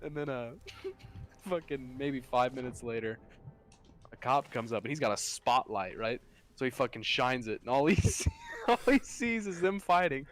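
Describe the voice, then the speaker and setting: A man's voice: medium pitch, normal speed, soft background music. Profane young man telling a story. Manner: profane, animated storyteller, laughs through lines. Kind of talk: casual storytelling chat.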